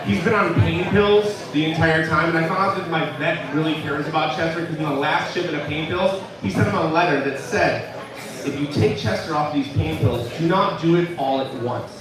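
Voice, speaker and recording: Man, stand-up comedian, high voice, deadpan dark humor, far-off mic in a live room. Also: heavy reverb. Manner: deadpan dark jokes with laughing asides. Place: comedy club stage with live crowd.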